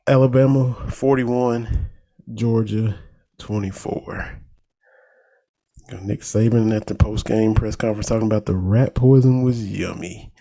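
Man, Eastern Kentucky accent, folksy sports talk host, gravelly, mellow dark tone. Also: lowish voice, measured pace. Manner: folksy, animated, laughs at his own jokes. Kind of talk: casual sports commentary.

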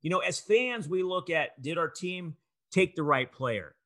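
A man's voice: fairly high pitch, expressive, measured pace, a bit bright. A man hosting a casual interview, asking short conversational questions.

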